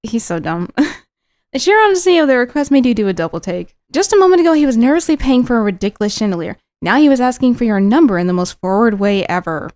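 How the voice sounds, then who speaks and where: A young woman with a somewhat high voice reads a visual novel aloud, stopping often for giggly, teasing comments. Her sound is dry and close to the mic. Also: sing-song, fast talker, darkish tone, no room sound. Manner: giggly, teasing asides between narration. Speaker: streamer. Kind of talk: reading and reacting to a visual novel.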